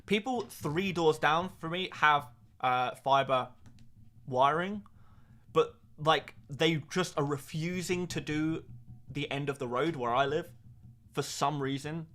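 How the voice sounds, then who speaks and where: A man's voice: on the high side, slow pace, sharp tone. A man streaming live, reading out viewer comments and chatting back in a casual, joking way with plenty of fillers. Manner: reads out viewer comments and chats back jokily; chatty, with frequent fillers and laughs. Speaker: fantasy football streamer.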